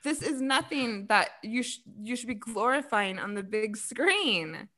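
A woman co-hosting a casual podcast chat as a breakup coach, animated and blunt, swearing freely and laughing often. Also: a little high, measured pace.

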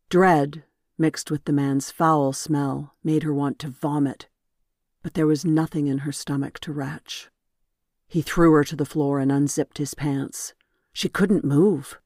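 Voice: mid-range voice, fairly even intonation, takes it slowly, darkish tone, no echo. Dry, close audiobook narrator. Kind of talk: scripted narration.

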